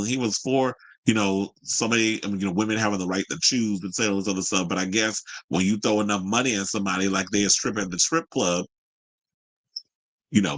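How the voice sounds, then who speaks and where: A man talks through entertainment news in an easy, opinionated way, drifting into asides and filling pauses with "um" and "you know." His voice sits low and has a husky grain to it. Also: a bit bright. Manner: chatty, opinionated, many fillers and asides. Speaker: host. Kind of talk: casual pop-culture commentary.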